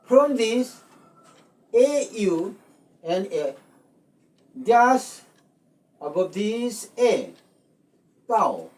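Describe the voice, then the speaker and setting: A language teacher from Manipur, explaining spelling slowly and deliberately, repeating words. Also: medium pitch, lively intonation, darkish tone, distant mic. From Manipur, India. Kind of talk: slow explanatory lesson.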